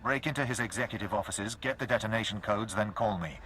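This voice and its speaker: An actor voicing a brisk military officer giving orders in a video game. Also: male voice, on the low side, a bit bright, faint music behind, natural voice. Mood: briefing. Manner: brisk, businesslike.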